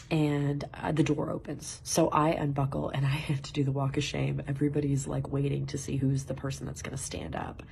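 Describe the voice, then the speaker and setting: Woman, low voice, gravelly, animated casual storytelling, faint background noise. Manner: animated, swears, laughs through the story. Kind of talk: casual personal anecdote.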